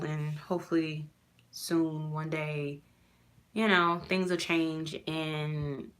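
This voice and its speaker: A woman's voice: low voice, a bit bright. A mother pouring out a heartfelt, rambling rant to camera, full of "you know" fillers. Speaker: mother vlogging about her custody loss. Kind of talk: casual personal rant to camera.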